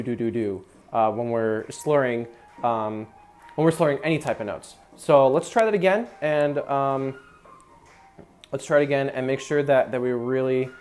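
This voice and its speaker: A young man with a mid-range, somewhat dark voice coaches a small brass ensemble in a rehearsal room. He talks casually with lots of fillers and sings out syllables to show articulation.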